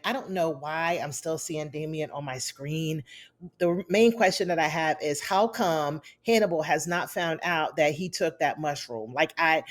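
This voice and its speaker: Chatty woman recapping a TV episode. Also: lowish voice. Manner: chatty, opinionated, talks straight to viewers. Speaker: TV recap reviewer. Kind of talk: casual recap commentary.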